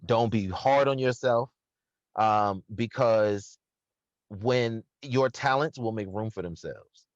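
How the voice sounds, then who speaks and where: A man's voice: fairly low pitch, slow, no room sound. Earnest Southern American man. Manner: earnest, reflective, with bursts of animated laughter. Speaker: restaurant owner, interview guest. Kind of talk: casual conversational interview. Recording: slightly dull, dry sound.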